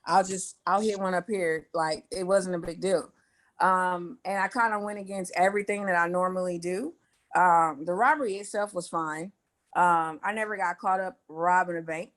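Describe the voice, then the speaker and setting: A young woman from Indiana, a guest in an interview, telling her story candidly with plenty of swearing, fillers and quick asides. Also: fairly low pitch, fairly even intonation, fairly bright tone.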